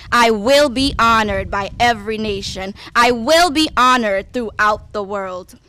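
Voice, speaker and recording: A woman reads scripture at a memorial in a slow, deliberate, prayerful cadence. Her voice sits a little high and sounds bright and clear. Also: dry recording. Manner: measured and prayerful. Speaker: scripture reader at a memorial service.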